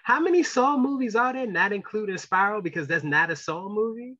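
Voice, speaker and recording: A man co-hosting a casual movie podcast, talking emphatically and rambling with restarts before trailing off quietly. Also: sits high, expressive, brisk. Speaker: podcast co-host. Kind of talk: casual chat. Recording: dull lo-fi sound.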